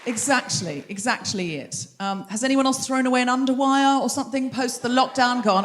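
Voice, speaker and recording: A woman's voice: high voice, expressive, brisk, few pauses, a faint crowd. A middle-aged woman hosting a comedy podcast live on a theatre stage, bantering and teasing the audience. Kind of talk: live stand-up style crowd work.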